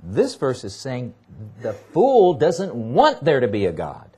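A husky-voiced man delivers an unhurried expository sermon as pastor, his pitch rising and falling in lively swings. He stresses key words by repeating them, leaning hard on each one.

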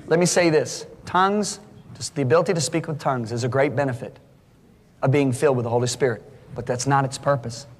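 A middle-aged male preacher giving an animated sermon, full of stories, his voice climbing high for the punchlines. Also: fairly quick, slight background noise. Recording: long hall reverb.

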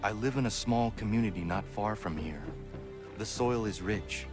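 An actor playing a calm, earnest young male assassin in a video game, speaking in a measured, serious way. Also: lowish voice, over music, close to an everyday voice.

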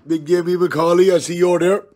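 A tipsy man with an Irish accent on a live stream, loudly teasing and challenging an old friend in rowdy banter. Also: high-pitched, steady tone, moderate pace. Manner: loud, jokey, challenging and teasing. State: tipsy from drinking.

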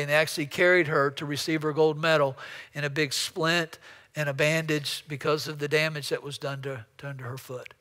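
A man's voice: fairly high pitch, pushed and bright, long reverb tail. A man preaching a storytelling sermon as pastor, often repeating words as he builds up a story. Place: church sanctuary.

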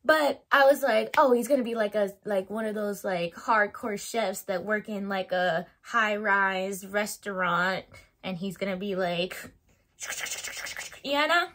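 A woman giving her opinions in a casual vlog, chatty and animated, laughing often and filling her talk with "like". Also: medium pitch, a little slow. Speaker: YouTuber reviewing a TV show.

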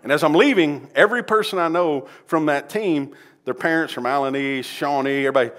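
A middle-aged man, preaching a sermon as pastor in a folksy manner, swinging from quiet pleading to loud exclaiming. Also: a little high, moderate pace. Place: church sanctuary.

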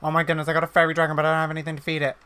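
A man with a bright, ringing voice that sits a touch high for a man. He chats casually through his own gameplay as a let's-play commentator and gets flustered fast, piling up exclamations whenever the game goes against him. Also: monotone, clean tone, faint music behind. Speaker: gaming YouTuber.

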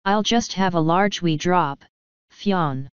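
A woman voicing an ancient fairy clan mother, slow and commanding. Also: fairly low pitch, clear, resonant tone, no room sound, dull audio. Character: ancient tiny Scottish-voiced fairy clan mother, stern.

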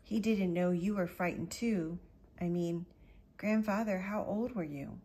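A woman voicing a curious, earnest young boy in a storybook reading, with a husky voice. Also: fairly low pitch, measured pace, mellow. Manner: questioning, eager, sometimes whispered.

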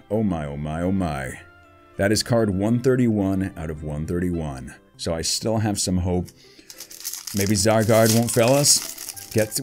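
A man giving casual card-opening commentary, listing card names in a low mutter and breaking into excited outbursts and jokey asides. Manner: jokey asides about the cards. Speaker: YouTuber opening trading card packs.

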